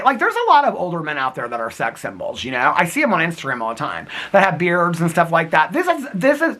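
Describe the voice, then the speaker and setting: Chatting to camera in the snowy cold, a man in his fifties giggles through a casual daily vlog and calls his audience girl and honey. His fairly high voice sounds pushed and bright.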